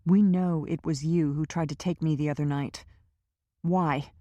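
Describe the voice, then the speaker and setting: A woman's voice: low voice, steady tone, measured pace, warm tone, dry recording. A woman voicing a determined woman questioning a captive in an audiobook, direct and pressing.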